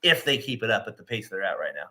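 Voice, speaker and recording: A man's voice: lowish voice, sing-song, quick pace, bright, forceful tone. A man co-hosting a casual baseball talk show, rambling, laughing often and acting out quotes of other people. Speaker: co-host. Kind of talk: casual sports chat.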